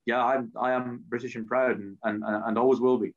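A man's voice: medium pitch, level tone, normal speed, lo-fi sound. A politician answering interview questions earnestly, often repeating words as he searches for them. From Scotland.

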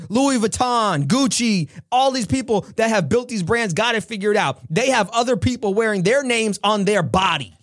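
A man from New York giving an earnest, preachy motivational talk with frequent laughs. His voice sits high, and the recording is dry and close. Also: no echo. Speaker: podcast host, motivational speaker.

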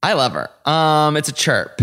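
Playful man with a lively, swinging voice. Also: fairly high pitch, normal speed. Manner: playful, quirky made-up words, stutters. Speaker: podcast co-host. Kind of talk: casual chat reviewing a show.

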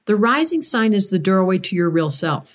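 A woman guest in a conversational interview, expressive, acting out moods as she explains ideas. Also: moderate pace. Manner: expressive, acts out moods with big pitch swings. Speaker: astrologer guest.

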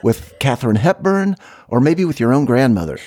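A man with a mid-pitched voice co-hosting a comedy podcast. His delivery is dry and mock-serious as he builds absurd bits with his partner. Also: very animated, moderate pace, darkish tone. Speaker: podcast co-host. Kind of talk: comedic improvised podcast banter.

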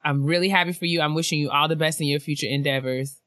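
This is a woman co-hosting a relaxed chat podcast, reading shout-outs from listeners. Her voice is bright and forward, it leaps up in pitch whenever she gets tickled, and she laughs often. The sound is dry and close, with no room around it. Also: quick pace, dry recording. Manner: animated and laughing, big pitch jumps when excited. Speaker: podcast co-host.

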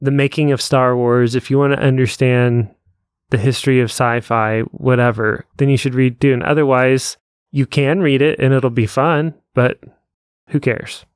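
An easygoing man co-hosting a podcast with a mid-pitched voice. He chats casually and agrees readily, and the sound is dry and close. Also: steady tone, normal speed, clean tone, no room sound. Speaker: podcast co-host.

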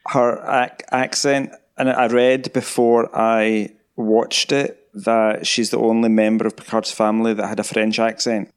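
A man's voice: lowish voice, flat delivery, a little slow, hardly any pauses, smooth. A man co-hosting a podcast, talking casually with wry asides, rambling and correcting himself as he goes. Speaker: podcast co-host. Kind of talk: casual discussion.

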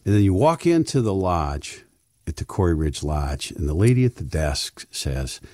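A man's voice: low voice, very animated, normal speed, darkish tone, no echo, studio quality. A middle-aged man, a financial advisor, chatting casually and telling a folksy story, repeating words as he restarts his sentences.

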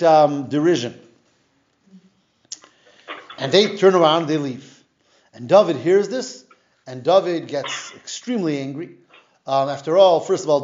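A man's voice: on the high side, darkish tone, highs cut off. A man teaching a casual Torah class, retelling the story in plain conversational speech and explaining the Hebrew terms he uses. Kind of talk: casual Bible lesson, retelling and explaining verses.

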